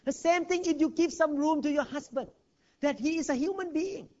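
A male pastor preaching a sermon in non-native English, emphatic and swinging between loud and hushed, recorded in a church hall on a dull lo-fi recording. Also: extremely high pitch, moderate pace.

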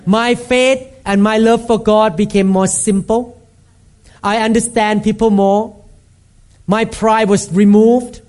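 A man preaching a sermon as a pastor, emphatic and repetitive, acting out scenes with sudden shouts. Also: sits high, little pitch movement, slow. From Thailand.

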